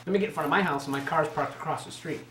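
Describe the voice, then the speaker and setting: A man's voice: a little high, very fast, slight background noise. Profane young man telling a story. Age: 20s. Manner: animated, profane, acts out other people's lines. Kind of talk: casual storytelling. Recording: echoey room.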